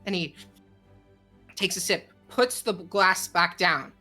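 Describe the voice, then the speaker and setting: Woman dm narrating slow, bright voice, some music in the back. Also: fairly low pitch. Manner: slow, vivid narration with fillers. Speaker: game master. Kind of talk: narrating a tabletop game.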